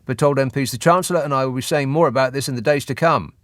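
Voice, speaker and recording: A man's voice: mid-range voice, quick pace, dry recording, clean studio sound. A man hosting a radio phone-in show, reading out news with sardonic, mocking asides. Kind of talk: satirical news commentary. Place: radio studio. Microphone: studio microphone.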